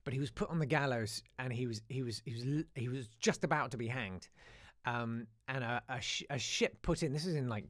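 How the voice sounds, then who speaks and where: A man's voice: mid-range voice, a little fast, a bit bright, dry recording, clean studio sound. A man hosting a live show, chatting casually, reading listener emails and telling stories with asides and restarts. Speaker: host.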